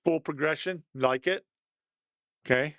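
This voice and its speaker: A man's voice: a little high, unhurried, a bit bright, no echo. A man giving a casual, conversational breakdown of football game film, thinking aloud and chuckling at mistakes.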